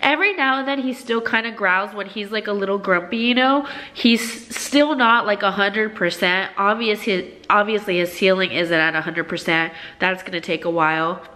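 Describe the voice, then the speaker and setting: A woman's voice: medium pitch, normal speed, hardly any pauses. A young woman vlogging casually, rambling and emotional, full of fillers and restarts. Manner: gushing and gasping with excitement. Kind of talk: casual vlog chat.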